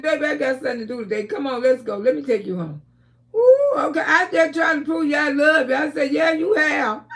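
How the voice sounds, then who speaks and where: A woman hosting a casual livestream, talking loudly with frequent laughter and cursing while telling stories to her viewers. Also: high-pitched. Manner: loud, laughing, storytelling with lots of cursing. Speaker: livestream host.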